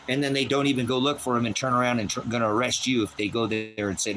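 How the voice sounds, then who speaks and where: Man ranting outdoors about court stuff, swears a lot, repeats himself, voice jumps way up high when he gets worked up, faint car and outdoor noise behind. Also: little pitch movement, fast, hardly any pauses, a bit bright, poor audio. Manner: agitated, repetitive, profane, rising to a high strained pitch when upset. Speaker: host of a personal channel. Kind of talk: unscripted personal rant. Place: rural property outdoors.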